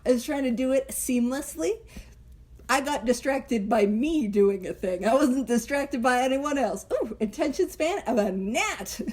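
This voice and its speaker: Woman host, high bright voice, chatty and animated, laughs between points, leads a book study. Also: measured pace. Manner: animated, chatty, laughs often, self-interrupting asides. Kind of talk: casual teaching chat.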